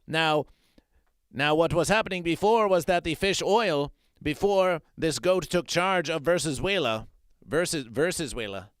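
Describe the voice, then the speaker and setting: A man delivers an absurd mock news monologue in a fairly high, smooth and clear voice. The room sound is close and dry. He rambles and repeats himself, dropping now and then into hushed muttering. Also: no room sound. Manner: repetitive, rambling, mock-serious. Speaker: comedy streamer.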